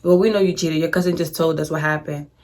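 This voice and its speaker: A young woman voicing her suspicious grandmother, who asks knowing, drawn-out questions. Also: low voice, steady tone, darkish tone, close to an everyday voice. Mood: knowingly teasing. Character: suspicious, teasing older grandmother.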